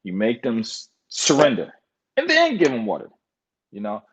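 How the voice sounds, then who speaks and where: A man's voice: medium pitch, wildly swooping pitch, normal speed, breathy edge. A man from the United States talking in a meandering monologue, full of fillers and loose trains of thought. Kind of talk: rambling monologue. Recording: dull lo-fi recording.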